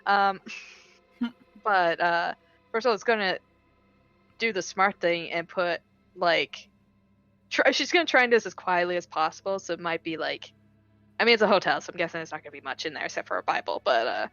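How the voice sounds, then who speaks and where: A woman's voice: fairly low pitch, lively intonation, fairly quick, long pauses, fairly bright tone, no room sound, lo-fi sound, soft background music. Giggly woman playing a tabletop game. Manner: giggly, swearing, thinking aloud. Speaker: player. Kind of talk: casual tabletop game play over voice chat.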